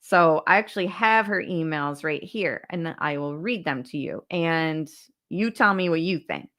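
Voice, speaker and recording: A woman's voice: sits low, a little slow, a bit bright. A woman hosting a casual livestream, chatting straight to viewers and reading documents aloud. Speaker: true crime channel host. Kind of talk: casual livestream case discussion.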